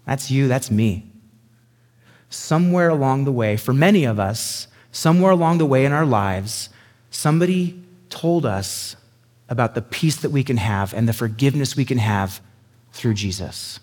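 A man preaching a sermon as a pastor, animated and conversational, acting out quoted lines with sudden high bursts. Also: normal speed. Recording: long hall reverb.

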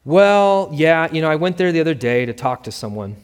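A man's voice: a little high, sing-song, fairly quick, smooth. A sheepish divorced father, read by a man, hesitant and apologetic, who stumbles and restarts as he speaks. Long reverb hangs behind the voice.

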